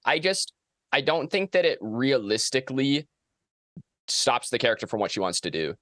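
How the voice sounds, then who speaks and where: Male co-host, casual game talk, animated delivery, dry sound. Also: medium pitch, normal speed, no room sound. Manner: animated, ranting. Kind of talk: casual gaming podcast chat. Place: outdoors on a windy day.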